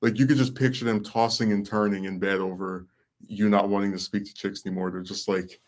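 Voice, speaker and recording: A man's voice: on the low side, level tone, brisk. A young man hosting a podcast, ranting in a blunt, sarcastic, exasperated way. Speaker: podcast host. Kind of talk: casual chat.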